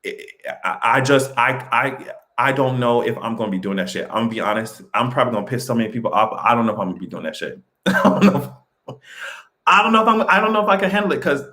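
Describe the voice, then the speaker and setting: A man hosting a casual livestream, talking in an animated, profane way with sudden jumps in pitch and frequent laughter. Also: quick pace. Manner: laughs often between remarks. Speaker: livestream host.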